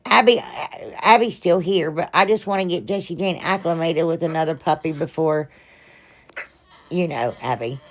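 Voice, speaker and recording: A woman's voice: low voice, normal speed. A woman hosting a DIY craft vlog, rambling chattily as she works, addressing her viewers as "y'all" and laughing at her own mistakes. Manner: pleads with viewers to like and subscribe. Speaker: craft channel host.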